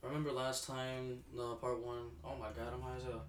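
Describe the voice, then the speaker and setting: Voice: mid-range voice, little pitch movement, fairly quick, a little hiss or hum. Podcast co-host, loose and laid-back, recorded far off in a roomy space. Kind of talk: casual chat.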